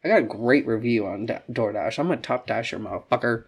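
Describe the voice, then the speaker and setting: A young woman chatting casually as a podcast co-host, animated and swearing a lot as she tells stories. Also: fairly quick, slightly rough. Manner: animated storytelling, swears a lot, acts out quotes in a high voice. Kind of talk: casual chat.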